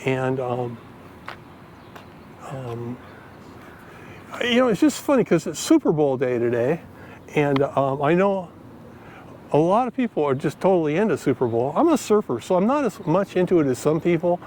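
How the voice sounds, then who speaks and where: A man's voice: on the high side, sing-song, moderate pace, long pauses, darkish tone, slight background noise. Chatty man vlogging on a walk. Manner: rambling, chatty, with many fillers. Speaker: finance vlogger. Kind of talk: casual walking vlog. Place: outdoors, walking through a park.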